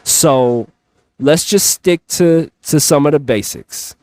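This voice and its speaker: A man's voice: fairly high pitch, slow, a little mellow, no room sound, studio quality. A man giving an earnest, emphatic motivational talk, stretching out his phrases. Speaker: motivational speaker.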